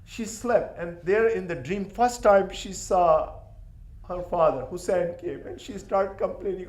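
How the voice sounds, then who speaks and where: High-voiced man preaching in an echoey hall. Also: unhurried. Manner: impassioned storytelling. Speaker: majlis speaker. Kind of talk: mourning sermon.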